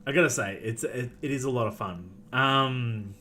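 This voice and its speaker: A man's voice: mid-range voice, moderate pace, bright, forceful tone, a little hiss or hum. A man who plays tabletop games, chatting casually, rambling with lots of fillers and restarts and laughing often. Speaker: tabletop game player. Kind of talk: casual chat.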